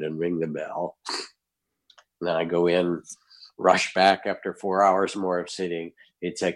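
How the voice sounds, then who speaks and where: An older man, a guest, telling a personal anecdote in an animated way and acting out the scenes. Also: sits low, moderate pace. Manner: animated storyteller, acts out scenes. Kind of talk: anecdotal storytelling.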